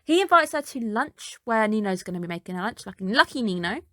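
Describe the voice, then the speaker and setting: A woman's voice: mid-range voice, big pitch swings, quick pace, pushed and bright, no room sound, clean studio sound. A woman reviewing an anime episode in a casual recap, chatty and dropping skeptical asides.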